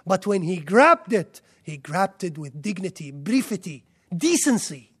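A man's voice: sits high, sing-song, a little slow, fairly bright tone, husky. A man giving a sermon in an emphatic way, stacking up lists and rhetorical questions. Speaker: preacher.

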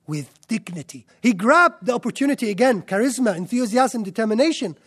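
A man's voice: extremely high pitch, expressive, brisk, hardly any pauses, a bit bright, husky. A man giving a sermon in an emphatic way, stacking up lists and rhetorical questions. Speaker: preacher.

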